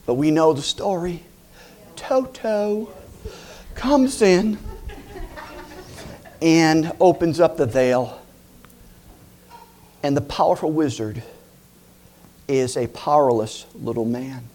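Animated male preacher, laughing as he goes. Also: a little high, slow, long pauses. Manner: animated, laughing, acting out voices. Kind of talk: lively sermon.

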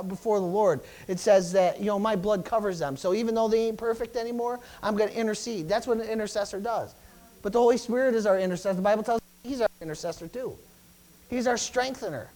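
A man's voice: high voice, a little mellow, poor audio. A middle-aged man preaching a sermon as pastor, stumbling into restarts, calling out Amen, and building to emphatic peaks.

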